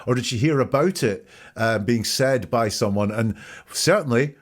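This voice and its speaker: Male podcast host, mid-range voice, measured analytical delivery, breaks statements down word by word. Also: medium pitch. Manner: methodical, picks apart phrasing word by word. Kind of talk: analytical commentary on a police interview.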